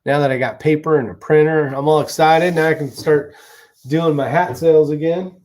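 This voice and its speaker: A slightly high, steady voice with a darkish tone and a moderate pace belongs to this man running a casual live chat. He greets viewers, goes through their comments and questions, and talks in a chatty, meandering way with casual swearing.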